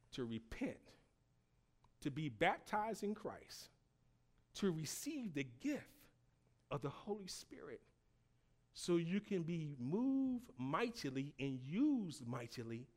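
A male preacher delivering a sermon in slow, emphatic phrases, calling on his congregation to answer him and rising to shouts. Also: on the high side.

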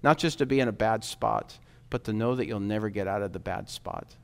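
Guy giving an earnest sermon, smooth clear voice, urging his listeners. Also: fairly low pitch, a little fast. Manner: earnest, urging, rising and falling emphasis. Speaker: preacher.

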